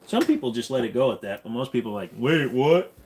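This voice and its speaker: A man's voice: mid-range voice, big pitch swings, very fast, warm tone, a little hiss or hum. A man hosting a casual livestream chat, rambling in a laid-back way with lots of fillers. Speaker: host.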